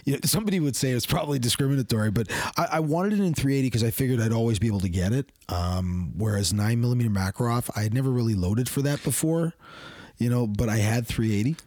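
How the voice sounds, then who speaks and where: A man's voice: medium pitch, fast talker, darkish tone, dry recording, clean studio sound. A man, a podcast guest and firearms collector, talking casually in a rambling way full of fillers and restarts. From Canada.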